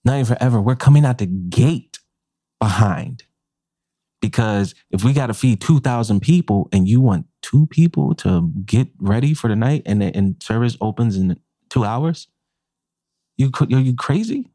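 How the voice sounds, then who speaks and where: At normal speed and medium pitch, a man recounts a profane workplace story, speaking casually and animatedly and acting out the lines. He's a chef and podcast co-host, heard in clean studio sound with no echo.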